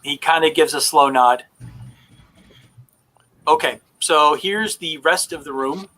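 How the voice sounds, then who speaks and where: Bright-voiced male game master. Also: fairly high pitch, slow pace, a little hiss or hum, rough recording. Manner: descriptive, with many fillers. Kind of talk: narrating a tabletop game.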